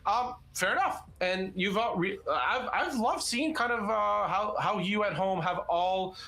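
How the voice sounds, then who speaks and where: A man's voice: high voice, a little slow, vocal fry, bright, forceful tone. A young man co-hosting a live stream, chatting casually and rambling with many fillers and restarts. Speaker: co-host of a live interactive show.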